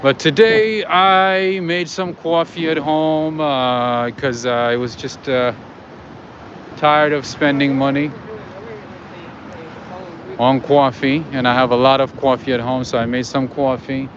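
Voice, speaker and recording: A man's voice: medium pitch, fairly even intonation, slow. A man hosting a livestream walk, chatting casually and rambling to his viewers with lots of fillers while outdoors at night. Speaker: livestream host. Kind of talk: casual walking commentary to viewers. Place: outdoors on city streets at night. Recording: muffled with loud street noise.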